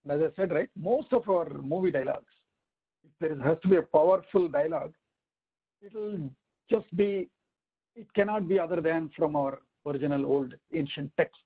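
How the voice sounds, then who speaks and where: A man teaching a weekly scripture class, explaining step by step with rhetorical questions and slow recitations. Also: fairly high pitch, slightly rough, narrow, tinny audio. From India. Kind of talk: weekly online scripture lesson.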